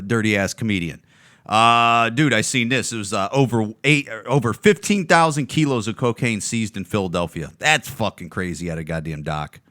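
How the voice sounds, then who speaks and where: A man's voice: lowish voice, a bit bright, no room sound, studio quality. A man, a comedian hosting a podcast, giving crude, heated commentary on video clips, swearing constantly. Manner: profane, heated, lots of swearing. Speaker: podcast host.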